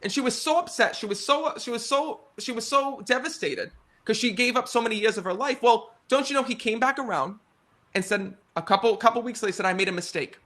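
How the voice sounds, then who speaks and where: A psychic medium in his thirties with an American accent earnestly tells personal stories to a live audience in a casual conversation, often checking in with "right?" and "you know." His voice is very high, brisk and sharp.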